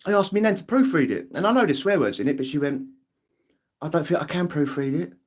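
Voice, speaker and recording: With a voice on the high side and big swings in pitch, a young British man talks quickly on his livestream. The English host rambles casually, curses freely, and impersonates things his family members said.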